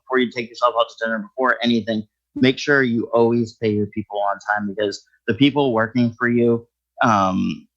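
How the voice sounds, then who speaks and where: A man in a relaxed interview, speaking at a middle pitch and working through his ideas as he explains them. The recording is slightly muffled and lo-fi. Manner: explanatory, thinks aloud. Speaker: skip tracer guest. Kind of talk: casual interview talk.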